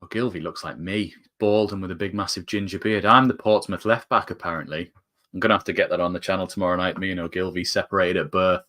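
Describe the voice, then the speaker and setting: A man's voice: low voice, steady tone, quick pace, bright, forceful tone. A man with a northern English accent giving jokey live fan commentary on a football match, his voice climbing with the action. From northern England. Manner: chatty, jokey, rises sharply with the play.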